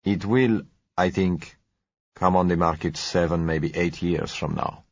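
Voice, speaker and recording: A smooth, courteous foreign dealer in oil, as a male reader puts him on, speaking gently and without hurry. The voice sits very low and a little husky, on a dull, dry recording. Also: steady tone, unhurried, no room sound. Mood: suave.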